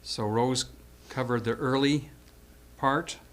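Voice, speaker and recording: A man's voice: medium pitch, steady tone, takes it slowly. A man around seventy reading a prepared eulogy for an old friend, hesitant at first and then telling stories with acted-out quotes.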